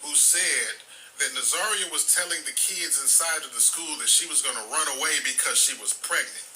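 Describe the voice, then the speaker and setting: A man's voice: fairly high pitch, moderate pace, bright, forceful tone, faint music behind, poor audio. A man hosting a live stream, talking bluntly in a streetwise way, swearing freely and rambling with restarts. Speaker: livestream host. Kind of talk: casual live-stream talk.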